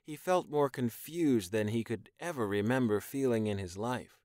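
A man reading an audiobook in even, measured scripted narration. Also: mid-range voice, no echo, studio quality.

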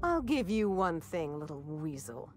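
A woman's voice: low-pitched, sing-song, measured pace. An actress playing a bitter, unyielding woman villain in a video game, speaking in a cold, clipped, contemptuous way. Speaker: game character.

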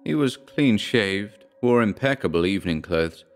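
A man giving a measured, dramatic reading of a horror story. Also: lowish voice, expressive, faint music behind. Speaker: audiobook narrator. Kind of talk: scripted horror narration.

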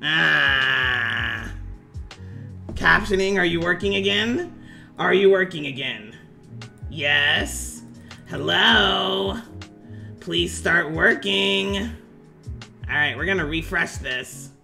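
A self-assured woman professor, as a man puts her on, pitched high with a gravelly edge. She greets people formally, then drops into casual, cursing asides. Every line is delivered in a stream character voice. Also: expressive, slow pace, long pauses, pushed and bright, faint music behind, full character voice. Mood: chatty.

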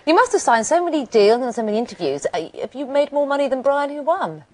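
A woman's voice: high voice, sing-song, fast talker, rough recording. A woman presenting a breakfast TV show, interviewing a guest in an enthusiastic, gushing way. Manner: enthusiastic, gushing, laughs easily. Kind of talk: live TV interview. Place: TV studio.

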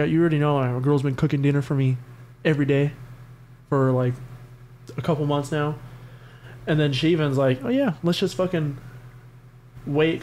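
Young guy on a podcast, kinda high voice, rambly and swears a lot, little bit of hiss behind. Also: darkish tone. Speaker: podcast co-host. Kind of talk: casual chat.

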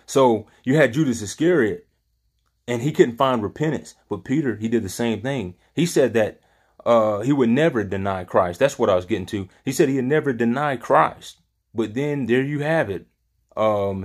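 A man's voice: mid-range voice, normal speed. A man leading an informal Bible study, talking earnestly in a rambling way and often searching for his words.

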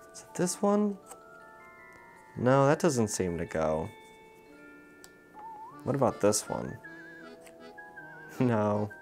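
A man teaching toddlers a puzzle and simple sums, patient and encouraging, asking questions as he goes. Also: mid-range voice. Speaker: children's educator.

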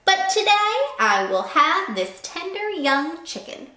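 Lady doing a stubborn fisherman guy from a storybook, gloating, bright voice in an echoey room. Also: sing-song, exaggerated voice. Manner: gloating, slow, raised pitch. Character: greedy stubborn male fisherman. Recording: roomy echo.

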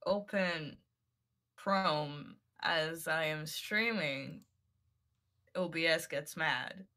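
A woman chats casually while streaming, rambling bluntly and swearing now and then. Her voice is bright and forward, sitting slightly low for a woman. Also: extremely slow.

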